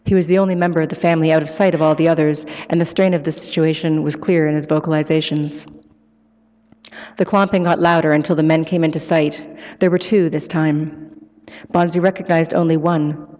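A woman author giving a live, expressive book reading and taking questions in an event hall. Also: deep voice, a little fast. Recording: echoey hall, muffled live sound.

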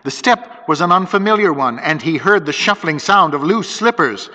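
A man's voice: fairly high pitch, lively intonation, moderate pace, sharp tone. A man narrates a story in a dramatic, varied reading. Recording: dull lo-fi recording with long hall reverb.

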